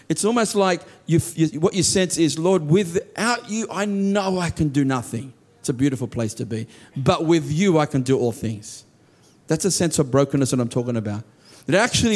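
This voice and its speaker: A man preaching a sermon with earnest emphasis, often dropping to soft low tones and voicing heartfelt prayers aloud.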